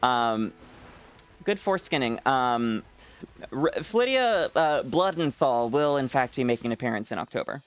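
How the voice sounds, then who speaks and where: A man's voice: medium pitch, animated, normal speed. A man streaming a game and chatting with viewers, teasing them, swearing freely and laughing often. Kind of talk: casual live-stream chat with viewers.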